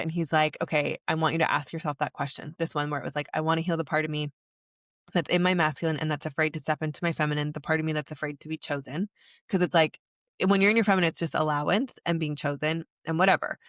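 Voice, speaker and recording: A woman's voice: low-pitched, no echo, clean studio sound. A young adult woman hosting a podcast, telling a personal story in a confessional way with many filler words. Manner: confessional, heavy use of "like" fillers. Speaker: podcast host.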